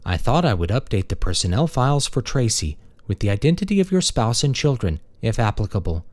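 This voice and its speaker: A man voicing a polite female maintenance robot with a warm, pleasant, literal-minded manner. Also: medium pitch, sing-song, brisk, no room sound, voice pushed up, lightly acted. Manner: courteous and literal.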